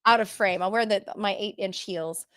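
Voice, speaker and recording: A woman's voice: medium pitch, moderate pace, a bit bright, no room sound, studio quality. A woman podcast host wrapping up a casual interview, effusive and chatty with rambling asides.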